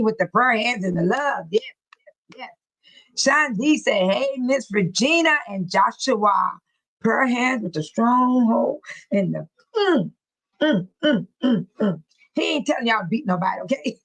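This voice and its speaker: Woman, livestream host, chatty, laughs often, fairly high voice, warm greetings to viewers. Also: poor audio. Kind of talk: casual livestream chat, reading comments aloud.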